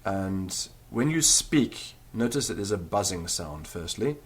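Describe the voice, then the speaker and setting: A man's voice: low voice, expressive, measured pace, breathy edge. A man teaching a recorded beginner language lesson, explaining patiently and demonstrating the sounds aloud.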